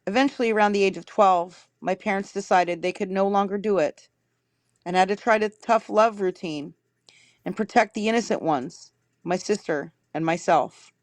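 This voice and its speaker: A woman's voice: mid-range voice, moderate pace, no room sound. Woman, livestream host, reading messages aloud, self-correcting, dry sound. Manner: reads steadily, stops to correct herself.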